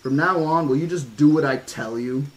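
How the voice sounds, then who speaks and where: A man voicing a stern, worn-out grown scientist who gives gruff, clipped orders in a storybook reading. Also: a little high, moderate pace, lightly acted.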